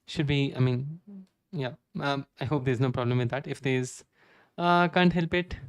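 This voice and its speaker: A man's voice: mid-range voice, fairly even intonation, moderate pace, smooth, no echo. Indian man thinking aloud while coding. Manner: reads docs aloud, frequent "okay" fillers. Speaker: live-coding streamer.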